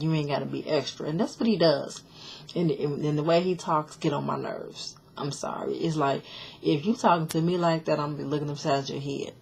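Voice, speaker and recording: A woman with a notably low voice talks through a reality show episode in a loose, rambling way. She is blunt and sassy with her opinions and fills her talk with ums, likes and restarts. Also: creaky, slight background noise. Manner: chatty, opinionated, many fillers and restarts. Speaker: show recap vlogger. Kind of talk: casual reality-show recap.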